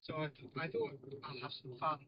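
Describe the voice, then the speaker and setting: An easygoing, chuckling man with a somewhat high pitch chats as a guest in a car. Clear background noise runs under his voice. The audio is dull and lo-fi. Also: steady tone, fairly quick. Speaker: podcast guest. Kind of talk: casual chat. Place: inside a car.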